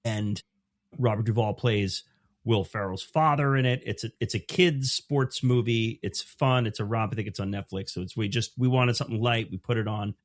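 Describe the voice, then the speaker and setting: A man's voice: on the low side, normal speed, no echo, studio quality. A man as a podcast guest, telling stories in casual chat with many restarts and acting out the people he quotes. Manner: animated storytelling with many restarts; acts out quoted voices.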